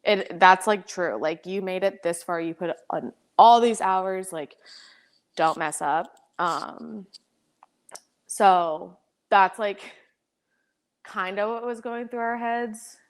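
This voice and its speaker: A young American woman in casual interview chat, talking fast with many "like" fillers and frequent laughs. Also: medium pitch, clean tone. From United States. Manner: chatty, lots of "like" fillers, laughs often. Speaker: podcast guest, pro soccer player.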